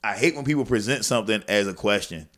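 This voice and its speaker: A man, a comedian guest, talking casually on a podcast in an animated, profane way, often acting out other people's voices. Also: lowish voice, quick pace.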